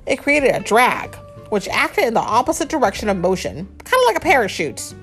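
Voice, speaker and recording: A woman's voice: fairly high pitch, very animated, fairly quick, a bit bright, faint music behind. A woman reading as a cheerful, know-it-all giant. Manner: friendly, explaining, sing-song.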